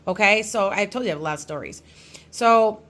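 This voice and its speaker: A woman's voice: medium pitch, a little fast, fairly bright tone. A middle-aged woman, a psychic medium, telling a personal ghost story to her followers in a casual, rambling way with many restarts.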